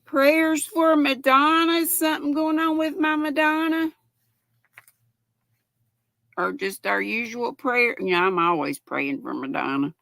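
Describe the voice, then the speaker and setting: A woman's voice: high-pitched, takes it slowly, gravelly, fairly bright tone, no echo. An older woman, hosting a casual live-stream chat and reading viewer comments aloud in a chatty, affectionate way. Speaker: host.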